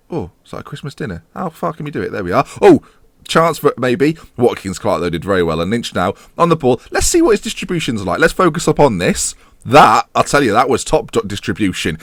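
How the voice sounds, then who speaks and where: Male gaming host, animated, sarcastic, dry close sound. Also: mid-range voice, no echo. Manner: sarcastic, self-mocking, mock match commentary. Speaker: gaming YouTuber. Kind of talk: casual let's-play commentary.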